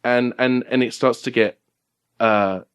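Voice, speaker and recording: A man narrating as game master of a tabletop game, halting and restarting as he describes scenes, recorded at a game café. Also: medium pitch, steady tone, smooth.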